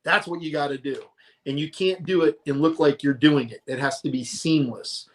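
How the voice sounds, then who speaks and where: A middle-aged man telling his career stories in a casual, animated interview, often quoting other people. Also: fairly high pitch, normal speed. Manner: animated, tells stories with quoted voices. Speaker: guest, monster truck announcer.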